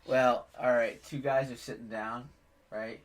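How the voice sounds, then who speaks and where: A man's voice: mid-range voice, level tone, a little slow. A man in his forties hosting a casual family podcast, a rambling joke-telling dad who pokes fun at himself. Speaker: podcast host and father.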